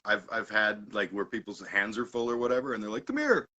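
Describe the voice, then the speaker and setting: Animated bright-voiced man telling stories. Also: lowish voice, fairly quick, highs cut off. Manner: animated, swings loud and quiet, laughs often. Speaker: podcast host. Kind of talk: casual storytelling chat.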